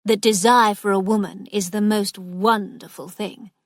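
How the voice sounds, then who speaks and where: A woman voicing a big young army officer who talks in a calm, thoughtful, frank way. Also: medium pitch, normal speed, dry recording, studio quality, lightly acted.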